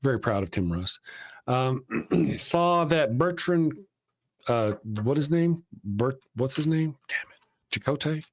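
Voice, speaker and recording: A man's voice: medium pitch, lively intonation, measured pace, no room sound. Rambling, casual man on a dry mic. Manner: rambling, self-interrupting, swears casually. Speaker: livestream host. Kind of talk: casual live-stream chat.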